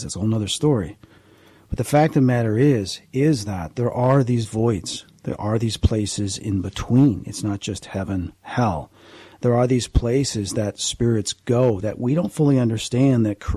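A man's voice: on the low side, normal speed, warm tone, husky, no room sound. A man who investigates the paranormal, a guest on a radio interview, explaining at length in an earnest, rambling way with frequent restarts.

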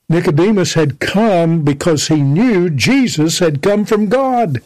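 A man's voice: high-pitched, animated, measured pace, hardly any pauses, darkish tone, no echo, low-quality recording. A man preaching a sermon, emphatically quoting and explaining scripture.

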